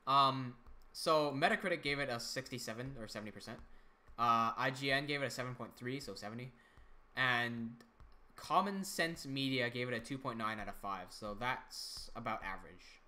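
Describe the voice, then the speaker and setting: A young man hosts a relaxed livestream in a bright, clear voice. He chats loosely, picks up viewer comments and restarts his sentences as he goes. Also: mid-range voice, normal speed. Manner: chatty, reads out chat comments, frequent restarts. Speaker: livestream host and animator. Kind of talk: casual livestream chat.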